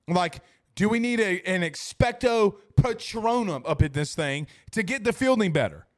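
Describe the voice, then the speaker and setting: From a studio, a man hosts a laid-back sports talk stream, reading the live chat aloud and rambling emphatically with phrases repeated over and over. His fairly high voice has lively intonation and a moderate pace, captured dry and close with no room echo.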